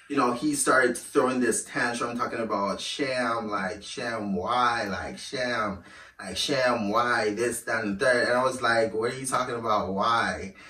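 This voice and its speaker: A man with a bright, forceful voice tells a personal story in a casual, animated way, blunt and swearing freely. He sounds set back from the mic in an echoey room. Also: medium pitch, recorded from a distance.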